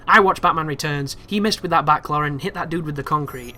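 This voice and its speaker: A man's voice: on the high side, brisk, slight background noise. A man giving casual walkthrough commentary over gameplay, chatty and prone to exasperated asides. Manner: chatty, with exasperated, animated asides about the game.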